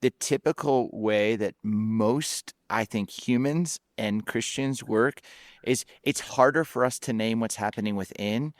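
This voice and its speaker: A man in his forties hosting a podcast, speaking in an animated, personal storytelling way in casual conversation. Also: on the low side, a little slow, no echo, studio quality. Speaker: podcast host.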